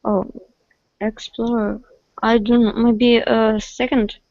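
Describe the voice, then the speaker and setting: A woman's voice: fairly high pitch, level tone, slow, darkish tone, no echo, muffled recording. A woman whose native language is Russian, answering hesitantly in English as a student and searching for words.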